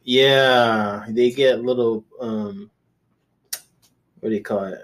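A man's voice: mid-range voice, steady tone, slow pace. Man, casual podcast storyteller, profane, rambling, lots of restarts. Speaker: podcast guest host.

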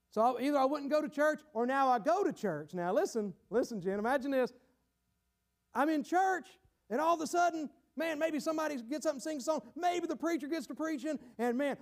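High-pitched gravelly man preaching. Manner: dramatic, acts out voices of a guilty sinner; shouts at emphatic peaks. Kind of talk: sermon.

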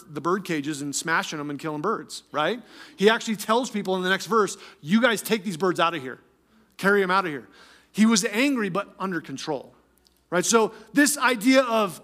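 A male pastor preaching a sermon in an energetic, emphatic way, often repeating phrases for stress. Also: sits high.

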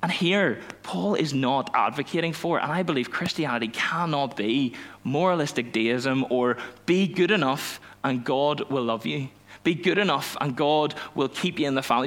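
A young man, a youth pastor telling a personal story in a sermon, animated and self-mocking, acting out the dialogue. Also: on the high side, normal speed. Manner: animated storytelling, laughs at himself, acts out dialogue.

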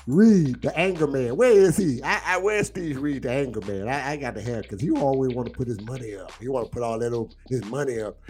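A man's voice: mid-range voice, fairly quick, few pauses, darkish tone, breathy edge, faint music behind. A middle-aged man, teasing his viewers in boisterous, laughing trash talk on a live stream. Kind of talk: casual live-stream banter.

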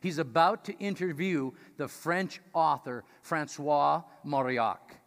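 A man preaching a sermon, reading scripture and stressing key points with rising, animated emphasis. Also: a little high, slow pace, creaky. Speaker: pastor. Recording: long hall reverb.

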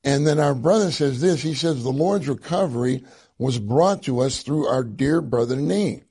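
A man giving an earnest sermon to a congregation, reading passages aloud and slowing down to stress key words. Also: medium pitch, mellow, husky. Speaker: church speaker.

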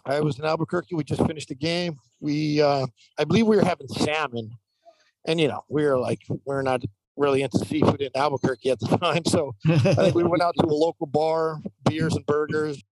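A man who works as a professional baseball umpire, telling lively stories in a casual interview with many fillers. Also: fairly high pitch, fairly quick, no room sound, rough recording. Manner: animated anecdotal telling, frequent fillers.

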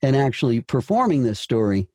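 A man's voice: mid-range voice, sing-song, brisk, darkish tone, no echo, clean studio sound. A man explaining voice-acting technique in an emphatic teaching manner, posing rhetorical questions. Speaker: voice-over coach. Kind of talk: conversational interview.

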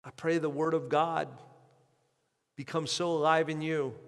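A male pastor preaching an impassioned sermon in a fairly high voice. His delivery surges loud and slow on key phrases, then falls back to a low hush. A long church-hall reverb trails every line. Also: level tone, clean tone. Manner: impassioned preaching with sharp swings in loudness and pace.

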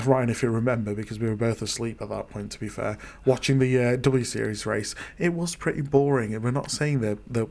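A man hosting a casual chat podcast, chatty and quick to laugh as he keeps the talk moving. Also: medium pitch, gravelly, darkish tone. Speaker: podcast host.

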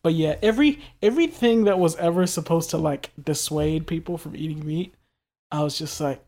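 A man's voice: a little high, brisk, dark tone. A man from New York chatting casually on a podcast. He tells stories loosely and jokes often, with plenty of "uh" and "like" along the way. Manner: laid-back, joking, loose storytelling with fillers. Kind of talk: casual chat.

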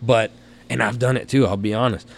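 A Texan man telling stories as a guest on a studio podcast, animated and blunt, laughing through his tales and cursing casually. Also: mid-range voice, fairly quick, creaky. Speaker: guest, helicopter hunting outfitter.

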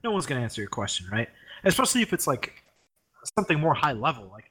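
A young man casually telling a story, animated, swearing freely and acting out the people in it. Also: mid-range voice, fast, breathy edge. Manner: animated, swears a lot, mimics the professor in raised voice. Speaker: former grad student telling a story.

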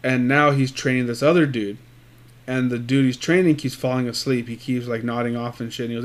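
A man's voice: medium pitch, fairly quick. A man telling crude stories in casual, profanity-laced chat with a friend. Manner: profane, animated storytelling.

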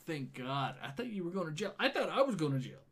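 A man with a slightly high, slightly rough voice speaks quickly and very animatedly. He's retelling a wild night to a friend in casual chat, cursing freely and acting out what everyone said.

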